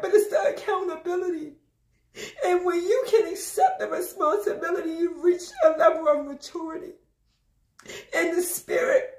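A woman's voice: extremely high pitch, normal speed, darkish tone, reverberant. A woman preaching an emotional testimony while crying, repeating herself and urging her listeners on. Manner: emotional, repetitive, exhorting. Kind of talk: tearful spoken testimony.

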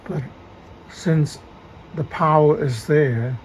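A man giving an unhurried, casual show-and-tell narration of his setup in a garage and yard, with pauses and fillers. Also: a little high, a little mellow, slight background noise. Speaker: DIY video maker. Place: garage and yard, partly outdoors.

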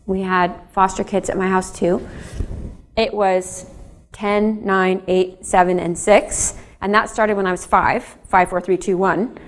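A woman's voice: mid-range voice, measured pace. Woman author talking to an audience, chatty, lots of asides, middle-aged. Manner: chatty, addresses audience directly, animated asides. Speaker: author giving a lecture. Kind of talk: public lecture, storytelling.

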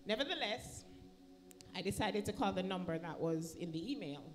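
A woman's voice: medium pitch, lively intonation, normal speed, faint music behind. A woman with a Jamaican accent giving an emotional personal testimony in church, acting out the voices of the people in her story. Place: church sanctuary.

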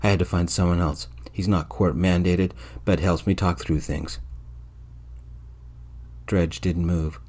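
A man telling a first-person story in a soft-spoken ASMR storytelling style, slow and calm. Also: deep voice.

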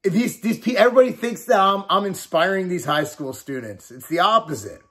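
A man's voice: sits high, animated, brisk, fairly bright tone. A man in his forties talking straight to camera in a casual vlog, blunt and emphatic, swearing and repeating his points. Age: 40s. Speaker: fitness company owner and bodybuilder.

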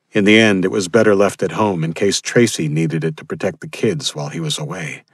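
A man reading a thriller audiobook in a steady, measured storytelling voice. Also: low voice, breathy edge, dry recording, studio quality. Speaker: audiobook narrator. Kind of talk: scripted narration.

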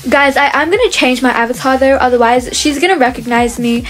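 A woman's voice: sits high, a little fast, fairly bright tone. A young woman commenting on her gameplay to viewers in a chatty, often exasperated way. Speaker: gaming video creator.

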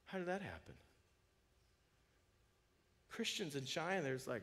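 A man preaching a sermon in a church, talking casually with restarts, then swelling from quiet low asides to loud, high, urgent peaks. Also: sing-song, measured pace. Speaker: pastor. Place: church sanctuary.

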